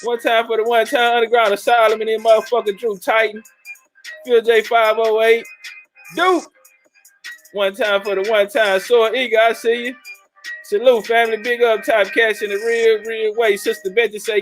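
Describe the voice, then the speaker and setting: A man hosting a casual livestream, loudly and profanely shouting out viewers and joking with his chat. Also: extremely high pitch, fairly even intonation, moderate pace, soft background music, rough recording. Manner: loud, profane, hyped-up banter with chat. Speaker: livestream host.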